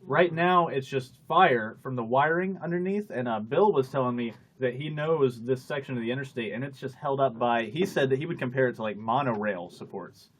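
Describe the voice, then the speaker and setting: A man's voice: mid-range voice, normal speed, hardly any pauses, a bit bright. Chatty man hosting a casual panel. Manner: rambling, chatty, laughs often. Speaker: show host. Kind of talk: casual group chat.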